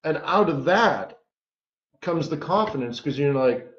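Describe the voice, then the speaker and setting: A man's voice: a little high, expressive, a little slow, background noise. A man coaching traders in a live-streamed lesson, talking in a casual, joking way and often tossing in "right?". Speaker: trading coach. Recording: roomy, dull lo-fi stream audio.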